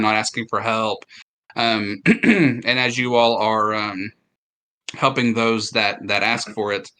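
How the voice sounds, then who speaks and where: Bright-voiced halting game master, a man. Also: medium pitch. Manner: halting, many fillers, laughs often. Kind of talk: narrating a tabletop game.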